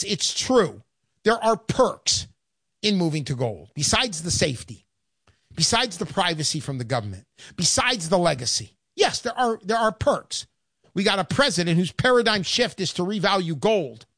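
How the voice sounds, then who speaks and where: A woman giving an emphatic, sarcastic sales pitch for investing in gold and silver. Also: no echo, clean studio sound. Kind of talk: persuasive sales talk.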